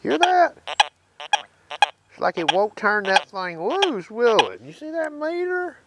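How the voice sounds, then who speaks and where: A man's voice: very high-pitched, huge pitch swings, slow pace, heavy background noise. A man hosts a metal detecting video, demonstrating his detector in a folksy way and checking in with viewers as he goes. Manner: folksy, keeps checking in with listeners. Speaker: metal detecting channel host. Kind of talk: hands-on demonstration. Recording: loud detector tones behind the voice.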